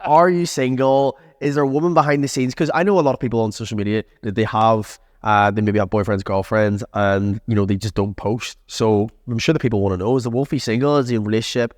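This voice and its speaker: Low-voiced podcast host. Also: male voice, fast talker, few pauses, no room sound, clean studio sound. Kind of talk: casual chat.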